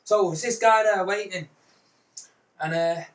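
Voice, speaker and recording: A man spins a comic yarn in a rambling, unhurried way, sprinkling in mock-old-fashioned peasant phrases. His voice sits high. The recording is roomy, and he is heard from some distance off the microphone. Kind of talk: comic storytelling.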